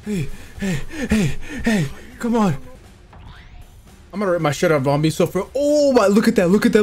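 Excitable swearing man reacting loudly. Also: high voice, moderate pace, music in the background. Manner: excitable, swearing, shouting outbursts. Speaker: anime reaction channel host. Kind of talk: live reaction commentary. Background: faint anime soundtrack playing.

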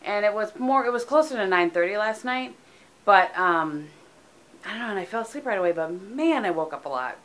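A woman's voice: medium pitch, lively intonation, normal speed, a bit bright. A middle-aged woman from the United States, chatting casually in a home vlog with lots of ums, tired and sleepy, recorded on a camera mic. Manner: chatty, rambling, frequent ums. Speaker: vlogger.

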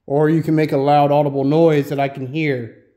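A man's voice: a little high, level tone, moderate pace, warm tone. Man ghost hunting in an echoey room. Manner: casual, calls out questions to spirits. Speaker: solo ghost hunter host. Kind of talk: paranormal investigation vlog. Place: old schoolhouse indoors.

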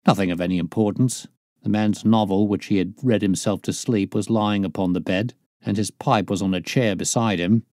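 A man's voice: on the low side, fairly even intonation, normal speed, darkish tone, dry recording, studio quality, close to an everyday voice. A man reading aloud, voicing a matter-of-fact male police inspector in a near-natural voice. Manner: plain, matter-of-fact reporting.

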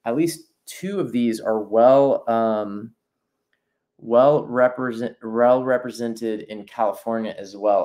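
In a medium-pitched voice, a nature journaling instructor improvises his way through a relaxed live painting lesson. He thinks aloud, stops mid-thought, and starts sentences over, all while warmly encouraging viewers to sketch along.

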